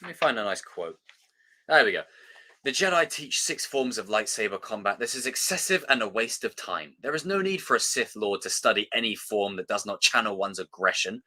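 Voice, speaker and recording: A man hosts a live stream in a loose, casual chat, answering viewer comments and quoting films in a mocking way. His voice is bright and forceful. His pitch jumps around a lot as he jokes and swears. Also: lively intonation, a little fast. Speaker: livestream host.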